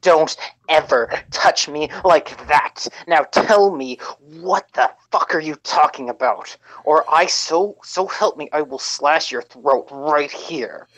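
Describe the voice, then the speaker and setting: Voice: medium pitch, slow pace, fairly bright tone, poor audio. A player voicing a defiant goblin servant. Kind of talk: tabletop role-play voice.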